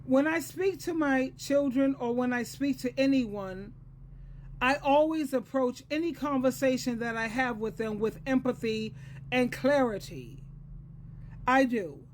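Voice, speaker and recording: A woman's voice: high-pitched, a little slow, a little hiss or hum. A woman in her sixties, an advice coach and Christian counselor, giving a solo advice talk in an earnest, lecturing way and repeating phrases for emphasis. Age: 60s.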